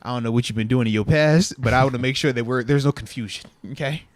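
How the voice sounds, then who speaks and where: Male sports podcast host, laid-back and slangy, mid pitch, dry close sound. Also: fast talker, no room sound. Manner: laid-back, slangy, says "bro" and "man". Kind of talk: casual sports talk. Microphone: lapel mic.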